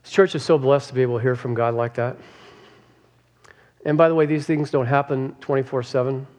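A man's voice: medium pitch, fairly even intonation, fairly quick, darkish tone. Man, pastor, mid-range voice, reflective, preacherly, asks for agreement. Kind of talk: podcast sermon talk.

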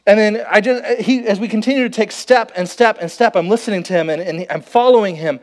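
A young man preaching a sermon, telling stories and acting out conversations with lively, playful delivery. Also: high voice, fairly quick. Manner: animated storytelling, quotes himself and others. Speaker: pastor. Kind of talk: sermon with acted-out illustration.

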